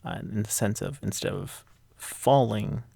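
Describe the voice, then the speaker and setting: Low gravelly man recapping casually. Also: wildly swooping pitch, unhurried, warm tone, no room sound. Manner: rambling, filler-heavy, enthusiastic. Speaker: manga chapter reviewer.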